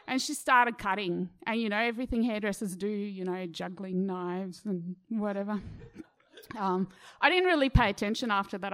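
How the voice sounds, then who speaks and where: A woman's voice: medium pitch, moderate pace, fairly bright tone. A middle-aged woman telling a funny personal story in a chatty, self-mocking way, acting out the people she quotes. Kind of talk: personal story told to an audience.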